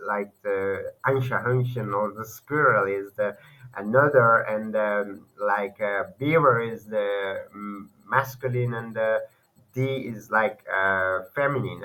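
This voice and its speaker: A man's voice: fairly low pitch, sharp tone, poor audio. Hesitant man. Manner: hesitant, many fillers and self-corrections. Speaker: language learner teaching online. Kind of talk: casual screen-share lesson.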